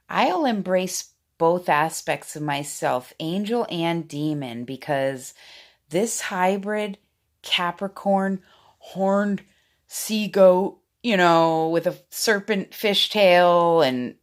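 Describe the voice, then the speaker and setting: Woman in her 40s, rambling vlog monologue into a phone; slow delivery, slightly low voice, excitable swings between loud and hushed. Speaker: vlogger. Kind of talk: casual talking-head monologue. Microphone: phone camera.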